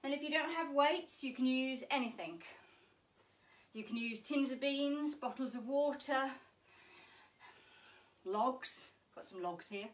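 Breathy, chatty woman leading a workout. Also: high voice, takes it slowly, pauses often, recorded from a distance. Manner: chatty, encouraging, joking while exercising. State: slightly out of breath. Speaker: pilates instructor. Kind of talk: live online fitness class instruction.

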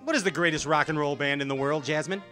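A man hosting a talk show, running a joking quiz game with lively, laughing delivery. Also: fairly high pitch, quick pace, soft background music.

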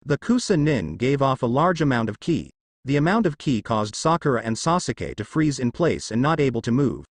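A man narrating a fanfiction story in a steady storytelling manner. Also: mid-range voice, moderate pace, no room sound. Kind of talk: fanfiction reading.

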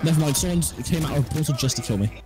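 A young man chatting and joking quickly with a friend while playing an online shooter, recorded on a headset mic. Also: a little high, animated. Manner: fast, joking banter. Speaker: gaming channel host. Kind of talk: casual gameplay chat with a friend. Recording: game music playing behind.

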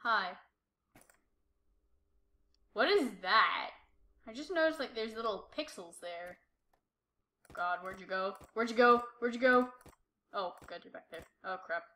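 A woman's voice: fairly high pitch, expressive, unhurried, pauses often, pushed and bright, echoey room. A woman giving jumpy commentary while playing a horror game, talking to herself and repeating short exclamations. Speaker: gameplay streamer.

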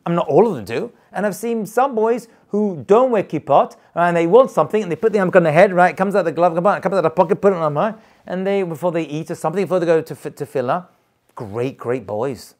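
A man's voice: sits high, animated, quick pace, a little mellow. A man, a rabbi, teaching a live class in an informal, emphatic way, repeating points and chuckling as he goes. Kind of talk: lively informal lecture to a live group.

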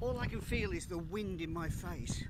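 A man's voice: high-pitched, moderate pace, heavy background noise. A man tells cheerful, self-mocking stories from a long cycling pilgrimage in a chatty, playful way. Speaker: speaker presenting his cycling pilgrimage. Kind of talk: casual storytelling talk with travel video clips.

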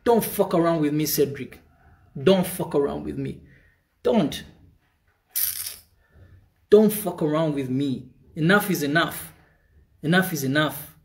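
A man's voice: sits high, a bit bright. A man from Uganda with a Ugandan accent, a musician in a heated, profane rant, switching between English and Luganda. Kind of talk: angry direct-to-camera rant.

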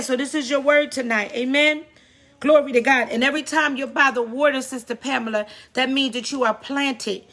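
A woman pastor preaches in a bright, ringing voice set a little high. She calls on her listeners again and again, breaking into scripture and urging them to shout back. Faint music plays underneath. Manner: call-and-response preaching, repeating "come on". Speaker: pastor and prophetess. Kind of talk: preaching sermon.

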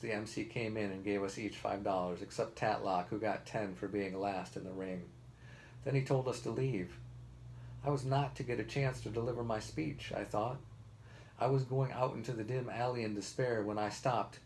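A man reading a novel aloud, first-person narration told in a measured, steady way. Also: on the low side, a little hiss or hum, poor audio. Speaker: reader.

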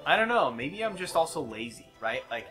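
A young man co-hosting a video game playthrough in casual, blunt, profane chat, slipping into quick mock voices. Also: on the high side, sing-song, sharp tone, faint music behind. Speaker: co-host playing a video game.

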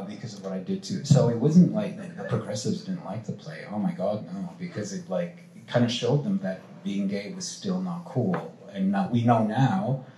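Guy on a panel telling stories, does all the voices, low mellow tone, roomy echo. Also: a little hiss or hum. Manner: animated, acts out quoted voices, swears freely. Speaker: playwright panelist. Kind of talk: animated storytelling on a panel. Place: cultural institute event hall.

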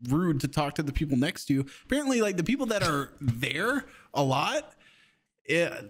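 A man's voice: on the high side, moderate pace. A young man co-hosting a podcast, telling a rambling story in casual chat. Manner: rambling storyteller, animated voices for quotes. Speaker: podcast co-host.

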